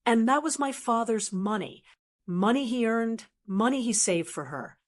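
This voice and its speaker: A woman voicing an angry grown son who confronts his in-laws, speaking with quiet bitterness that turns into raised accusation. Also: very high voice, lively intonation, measured pace. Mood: bitter anger.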